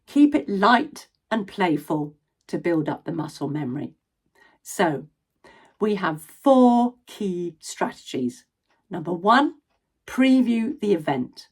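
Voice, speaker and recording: A woman in her sixties, an ADHD and education coach and former drama teacher, giving parents practical advice in an expressive instructional talk. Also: lowish voice, takes it slowly, husky. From Scotland. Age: 60s.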